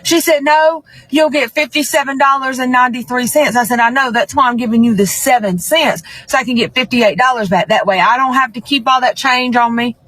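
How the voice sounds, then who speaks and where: A woman's voice: high voice, brisk, few pauses, fairly bright tone, no room sound, poor audio. A woman telling a rambling comic story, repeating herself and acting out both sides of the exchange. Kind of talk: comedic storytelling.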